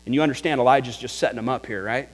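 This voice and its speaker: A man preaching a sermon, telling the story with chuckles and dropping to a hush for quiet passages. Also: medium pitch, racing, in a large hall, poor audio. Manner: animated, chuckling storyteller, drops to a hush for prayer. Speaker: pastor.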